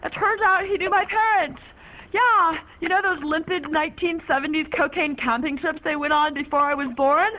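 A woman's voice: high voice, normal speed, natural voice. An actress playing a young woman on a one-sided phone call, rambling in quirky, ornate slang. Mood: breezy. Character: free-spirited young woman, chatty and offbeat. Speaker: young woman calling a friend. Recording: narrow phone-like sound, faint hiss.

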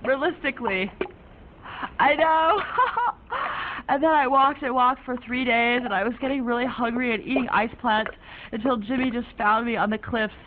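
In a one-sided phone-call monologue for an audio drama, a woman voices a chatty, offbeat young woman calling a friend, her high voice rambling breezily in quirky, odd, fancy slang. The tone is steady, the speed normal and the acting light. The audio is narrow and phone-like, with a faint hiss.

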